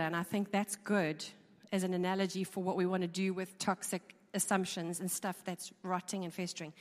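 A woman's voice: lowish voice, level tone, moderate pace. A woman giving an informal talk to a live audience, conversational and chatty, with frequent ums and repeated words. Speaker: speaker. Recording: long reverb of a large hall.

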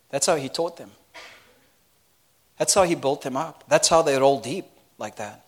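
A man preaching a sermon in an animated, conversational way, often laughing and asking the crowd questions. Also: fairly high pitch, normal speed, long pauses.

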